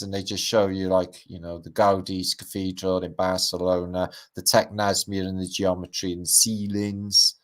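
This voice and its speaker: A man's voice: sits low, fairly bright tone. A middle-aged Welsh man hosting a livestream, rambling casually over pictures with wry asides and casual swearing. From Wales. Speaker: livestream host.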